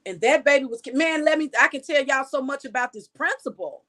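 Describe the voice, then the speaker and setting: Local woman journalist, a touch high-pitched; opinionated commentary, scolding and blunt. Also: expressive, brisk. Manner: outspoken, scolding, with sharp rhetorical questions.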